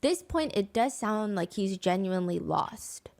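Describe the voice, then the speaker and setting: Female true crime narrator, middle pitch, measured and scripted. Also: expressive, vocal fry, a little mellow.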